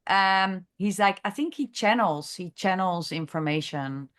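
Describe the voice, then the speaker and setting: A woman who is a chiropractor, leading a masterclass discussion in an unscripted, halting way, thinking aloud with many fillers and restarts. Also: mid-range voice, animated, fairly bright tone, clean tone. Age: adult, has a grown daughter. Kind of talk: unscripted teaching talk.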